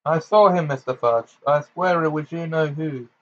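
A man voicing an agitated male ministry wizard who shouts urgently. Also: fairly high pitch, moderate pace, lo-fi sound, voice pushed up, lightly acted.

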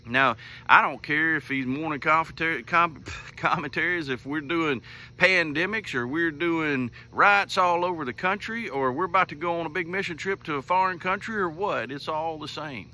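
A man's voice: on the high side, sharp tone, slight background noise. A middle-aged man, hosting a morning devotional commentary in a folksy, homespun storytelling manner. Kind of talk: casual faith talk.

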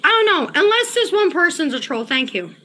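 Woman livestreamer, agitated and cussing, high and lively pitch, repeats lines. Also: brisk, a little hiss or hum. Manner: agitated, profane, repeats herself. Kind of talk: casual livestream chat, reading chat.

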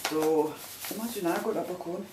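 A woman's voice: on the low side, fairly quick. A woman with a Scottish accent chatting casually to camera as a knitting vlogger, rambling and laughing often. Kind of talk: casual chat showing items to camera. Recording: roomy sound from a distant mic with faint background noise.

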